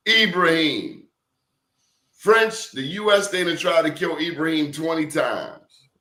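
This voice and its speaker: A man telling stories in a lively interview, acting out quotes and questioning his listener. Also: fairly high pitch, unhurried, roomy sound. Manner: animated storyteller, acts out quotes, asks the listener questions. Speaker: guest. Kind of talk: casual storytelling interview.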